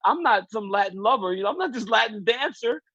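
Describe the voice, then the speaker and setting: Man, forties, high husky voice, animated storyteller on a dull lo-fi remote feed. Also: a little fast, dry recording. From Louisiana. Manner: animated storyteller, laughs often. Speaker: guest analyst. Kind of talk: casual chat.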